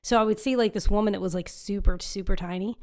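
A woman chatting casually as a podcast co-host, talkative and quick to laugh. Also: mid-range voice, fairly even intonation, darkish tone. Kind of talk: casual chat.

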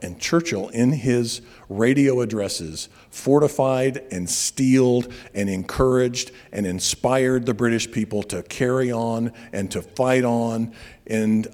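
A man preaching a sermon, telling stories and slowing down on key words for emphasis. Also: on the low side, darkish tone. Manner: storytelling preacher, slows for emphasis. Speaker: pastor. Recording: long reverb of a large hall.

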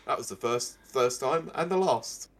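A man's voice: mid-range voice, moderate pace, a bit bright. A young man co-hosting a casual gaming news podcast, reading out stories and answering them with sarcastic remarks. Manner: sarcastic, reads news quotes and riffs on them. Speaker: podcast co-host.

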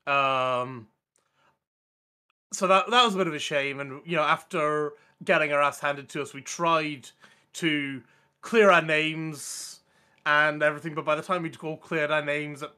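A man's voice: on the high side, steady tone, measured pace, sharp tone, clear, resonant tone. A man co-hosting a casual gaming chat, telling a long, rambling, enthusiastic story with lots of restarts. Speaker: podcast co-host.

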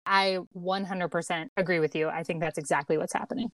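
A woman in a casual film discussion, making steady analytical points and often ending them with "right?". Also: on the low side, brisk, no room sound.

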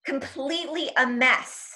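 Slow-spoken bright-voiced woman telling her story. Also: high voice. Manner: emotional, tumbling retelling full of "like" and quoted voices. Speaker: guest. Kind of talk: telling a personal story in an interview.

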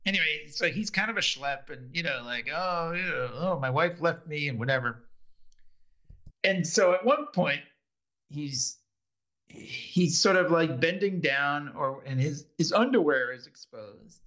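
A man's voice: fairly high pitch, animated, unhurried, sharp tone. A man co-hosting a podcast, animatedly retelling TV scenes in casual chat and acting out the quotes. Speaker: podcast co-host.

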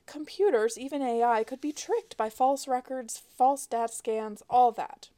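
A woman, the author, narrating her space adventure novel aloud in a wry, expressive way. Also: a little high, unhurried. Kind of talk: audiobook narration.

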